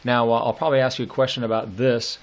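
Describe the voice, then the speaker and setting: A man teaching a poetry lesson, unhurried and hesitant, full of fillers, reading verse lines slowly and deliberately. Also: mid-range voice, little pitch movement. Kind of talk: classroom lecture on poetry.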